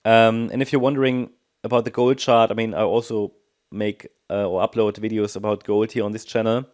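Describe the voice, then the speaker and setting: A man presenting a technical analysis of market charts, thinking aloud and often pausing with ums and restarts. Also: fairly low pitch, little pitch movement, darkish tone.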